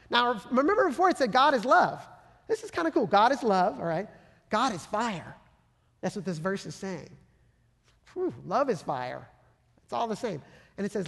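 A pastor preaching a sermon with passion, swinging from loud emphatic bursts to soft hushed lines. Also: mid-range voice, vocal fry. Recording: long hall reverb.

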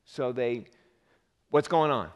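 A man's voice: medium pitch, takes it slowly, highs cut off. Man preaching in a reverberant hall. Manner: acts out disciples' voices, jokes with audience. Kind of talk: sermon.

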